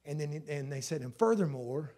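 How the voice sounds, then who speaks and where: A middle-aged man, preaching a sermon in an emotional storytelling way that swells loud at the peaks. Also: a little high, expressive, normal speed. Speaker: pastor.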